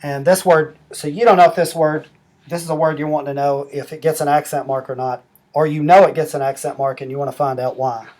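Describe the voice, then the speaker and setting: A middle-aged man walking through a language-learning app step by step, explaining rules slowly and methodically. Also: on the high side, fairly even intonation, a little mellow. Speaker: app demonstrator. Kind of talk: screen-recorded app tutorial.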